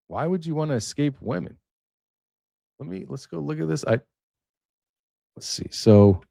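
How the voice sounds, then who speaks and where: A man's voice: mid-range voice, no room sound, clean studio sound. A man hosting a casual commentary show, chatty, reading articles aloud with joking asides. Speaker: political commentary host.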